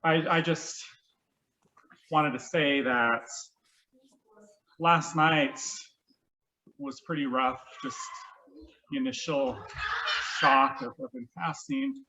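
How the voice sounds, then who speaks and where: Man saying final faith words at a memorial, slow, pausing a lot, muffled lo-fi audio. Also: fairly high pitch, animated, sharp tone, a little hiss or hum. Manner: earnest, faltering, pausing often. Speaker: mourner giving closing words. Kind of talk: memorial tribute, religious.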